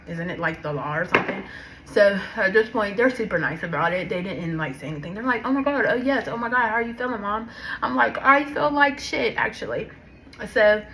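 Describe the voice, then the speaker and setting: A woman's voice: on the low side, pushed and bright, a little hiss or hum. A young woman with a sore throat telling a casual storytime vlog, chatty and talking straight to her viewers. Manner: chatty, addresses viewers as y'all. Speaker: vlogger.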